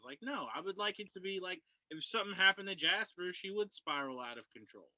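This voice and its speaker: A man's voice: a little high, animated, fast talker, hardly any pauses, bright, forceful tone, no room sound, rough recording. A man co-hosting a casual podcast film review, enthusiastic and repeating himself as he talks.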